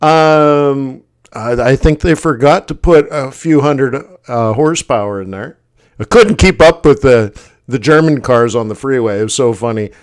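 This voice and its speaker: A man hosting a casual livestream, telling a story in an animated way, often acting out quoted voices and laughing. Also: mid-range voice, moderate pace, smooth. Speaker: forex livestream host.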